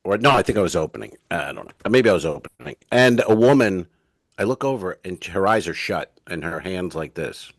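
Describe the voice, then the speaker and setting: A man with a fairly low voice tells rambling stage stories as a podcast co-host, slipping into the lines of the people in them. The sound is dry and close, with no room around it. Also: animated, brisk, no room sound. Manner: rambling anecdotal storyteller, acts out dialogue. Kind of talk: casual storytelling chat.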